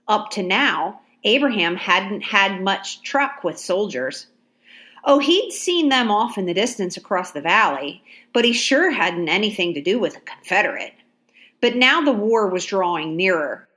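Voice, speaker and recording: A woman narrating an audiobook at a mid pitch, calm and measured. Her delivery is steady, with clear storytelling pacing.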